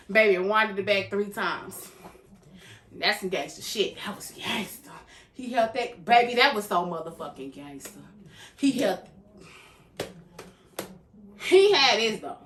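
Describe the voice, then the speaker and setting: A young adult woman hosting a reaction video, recapping an episode in casual, animated storytelling and acting out the characters' lines. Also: mid-range voice, a little slow, pauses often. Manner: animated storytelling, acts out characters' lines, calls viewers "baby". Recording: echoey room, faint background noise.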